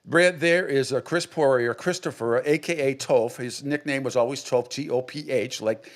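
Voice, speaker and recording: A man's voice: mid-range voice, normal speed. A middle-aged man from New England, a sports radio host, telling a rambling story with many restarts and acted-out quotes. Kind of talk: casual storytelling.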